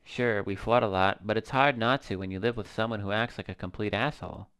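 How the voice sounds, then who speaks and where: A man reading the lines of an exhausted middle-aged mother from a game, in a weary, flat manner. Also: on the low side, a little fast, clear, resonant tone, lightly acted. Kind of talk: reading game dialogue aloud.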